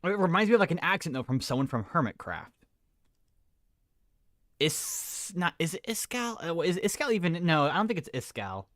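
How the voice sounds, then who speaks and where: A man streaming, reacting casually to a video he is watching, talking in excitable, rambling bursts. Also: fairly high pitch, moderate pace, dry recording, clean studio sound. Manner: excitable, rambling, with many restarts.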